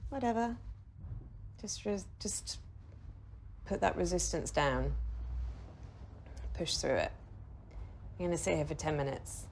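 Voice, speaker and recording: A woman's voice: low voice, a little slow, creaky, long pauses, darkish tone, slight background noise. A woman leading a casual guided meditation in a chatty, joking way, laughing and swearing now and then. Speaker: meditation teacher. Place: video shoot with a videographer.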